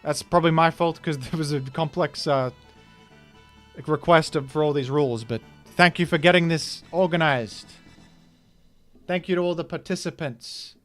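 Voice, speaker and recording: A man hosting and commentating a live online game tournament, excitable and playful, swinging from loud hype to quiet thanks. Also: a little high, moderate pace, faint music behind.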